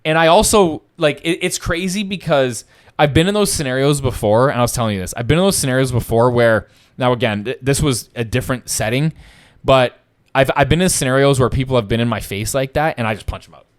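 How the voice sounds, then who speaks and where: A young man with a medium-pitched voice talks a little fast, telling a story in a casual podcast chat. He swears a lot and stays animated, acting out what other people said.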